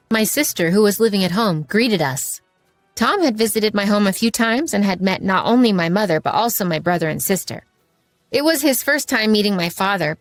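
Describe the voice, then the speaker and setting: A woman narrates a scripted first-person story in a steady, measured way at a mid-range pitch. Her voice is recorded dry and close, with faint background music. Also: dry recording.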